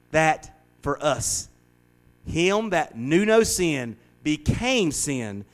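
Folksy middle-aged preacher man. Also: fairly high pitch. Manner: folksy and conversational, swings from hushed to loud and lively. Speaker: pastor. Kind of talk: informal sermon, Bible study.

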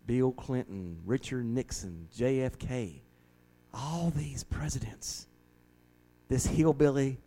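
A man's voice: medium pitch, warm tone, rough recording. A man who is a pastor, earnestly leading a Bible study and often repeating words as he starts a thought.

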